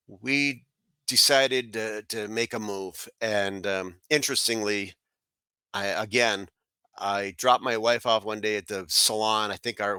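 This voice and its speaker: A middle-aged man from South Florida tells a long personal story in a bright, forceful voice that sits a little low. He rambles with plenty of fillers and restarts. The recording is dry and close. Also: clear, resonant tone, no room sound. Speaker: guest. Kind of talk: casual storytelling.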